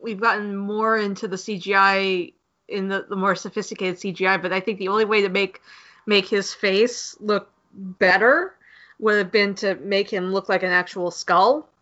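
Bright woman with many restarts. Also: mid-range voice, fairly even intonation, normal speed. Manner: many false starts and restarts. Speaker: podcast co-host. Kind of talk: casual film review chat. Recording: dull lo-fi podcast audio.

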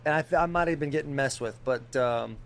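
A young man in casual group chat, telling a story with animated delivery, imitating beeps and other people's voices, and swearing freely. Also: mid-range voice, brisk. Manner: animated storytelling, mimics beeping and quoted voices.

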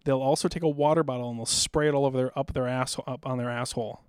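Man, middle-aged, podcast guest, intense, profane, amped up, clear voice, dry sound. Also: mid-range voice, steady tone, fast, dry recording. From South Dakota. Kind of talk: casual storytelling.

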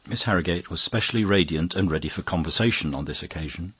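A man narrating an audiobook in a measured, even reading. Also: low voice, breathy edge. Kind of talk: scripted narration.

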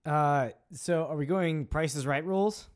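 Guy co-hosting a podcast, thinks out loud, jokey, slightly high voice. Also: a little slow, clear, resonant tone. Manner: thinks aloud and jokes. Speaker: podcast co-host. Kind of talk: casual podcast quiz banter.

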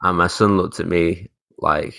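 A man's voice: sits low, fairly even intonation, unhurried, vocal fry, pushed and bright, no room sound. A man, telling a rambling, sweary anecdote in casual chat as a podcast co-host. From northern England. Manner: rambling storyteller, swears, mimics people in his stories.

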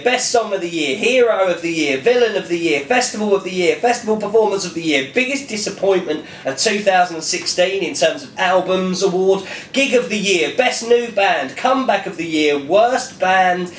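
A man's voice: high-pitched, recorded from a distance, slight background noise. Chatty man hosting a podcast, echoey. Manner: chatty, sweary, jokey. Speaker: podcast host. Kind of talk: casual podcast chat.

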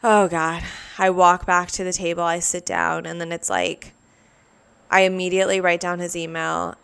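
A woman telling a personal story in a casual, animated way, full of "like" fillers, as a podcast host. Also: on the low side, moderate pace, gravelly, smooth.

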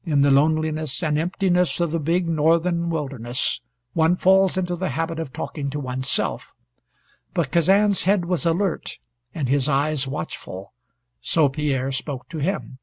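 A man narrating a novel as an audiobook in a steady, measured storytelling manner. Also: on the high side, gravelly, no echo. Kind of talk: scripted narration.

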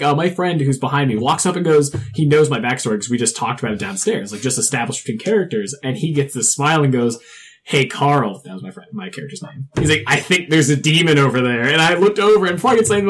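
Fast-talking husky man telling game stories. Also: a little high. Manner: animated storytelling, laughing. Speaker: tabletop role-playing player. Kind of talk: casual chat.

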